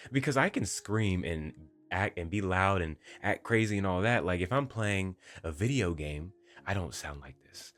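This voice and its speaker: Gentle, deep-voiced young man. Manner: gentle, inviting and emotive, with deliberate pauses. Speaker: voice-focused video creator. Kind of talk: reflective talk to camera. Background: faint background music.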